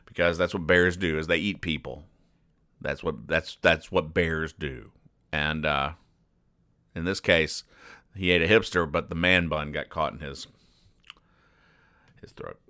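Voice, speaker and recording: A man hosts a comedy show, reading the funnies and explaining each joke in a rambling, deadpan manner. His voice sits very low, with a bright, forceful edge and a smooth, crisp clarity. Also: unhurried. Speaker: podcast host.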